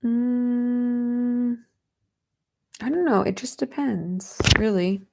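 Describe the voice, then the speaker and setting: A woman's voice: fairly high pitch, steady tone, very slow, gravelly. A young woman in her twenties hosting a casual livestream from home, chatting with viewers and reading their comments. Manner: chatty, giggly, coos softly at her cat. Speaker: livestream host.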